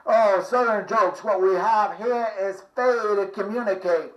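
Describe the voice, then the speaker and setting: A man's voice: high voice, measured pace, hardly any pauses, a bit bright. A male host who rambles casually and chuckles at his own stories, on an echoey lo-fi recording. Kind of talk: casual show talk with impressions.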